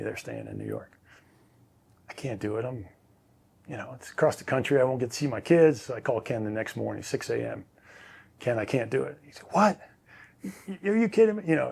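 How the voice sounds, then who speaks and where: A former quarterback tells stories as an interview guest, speaking casually in a relaxed, rambling way full of fillers and restarts. His voice is medium-pitched and slightly rough, with vocal fry.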